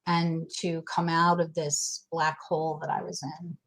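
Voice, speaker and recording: Candid woman telling her story, low voice. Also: little pitch movement, a little slow, poor audio. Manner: candid, emotional storytelling with many restarts. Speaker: guest. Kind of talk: casual interview chat.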